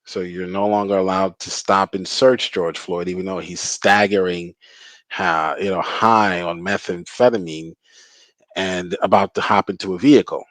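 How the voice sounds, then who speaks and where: A man's voice: sits low, steady tone, normal speed, fairly bright tone, no echo, rough recording. Older male host, opinionated commentary, sardonic, dry close sound. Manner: sardonic, argumentative.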